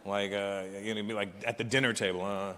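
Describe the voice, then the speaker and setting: A man in his forties performing a stand-up comedy set, telling stories animatedly with profanity and loud punchlines. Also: on the low side, level tone, fast talker, slight background noise. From Canada. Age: 40s. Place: large live venue. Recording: echoey hall with live crowd ambience.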